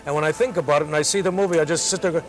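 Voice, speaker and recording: Older male comic guest, slightly high voice, rambling anecdotes, music bed. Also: fairly even intonation, rapid-fire. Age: 60s. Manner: rambling anecdotal, repeats "I says". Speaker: comedian, interview guest. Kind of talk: casual storytelling in an interview.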